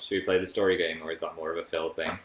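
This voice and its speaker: A young man from northern England, co-hosting a casual livestream in a playful, excitable way. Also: low-pitched, racing, background noise. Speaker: co-host. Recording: echoey room.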